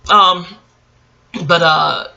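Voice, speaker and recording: A middle-aged woman vlogger telling a story in a casual monologue, profane, animated and wisecracking. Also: lowish voice, extremely slow, gravelly, muffled recording.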